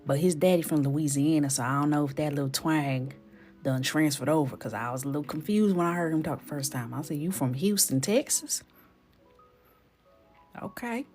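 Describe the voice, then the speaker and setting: A woman's voice: low-pitched, steady tone, fast talker, darkish tone, faint music behind. A woman hosting a live coloring stream, chatting playfully with her viewers and often dropping into a whisper. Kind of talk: casual live-stream chat.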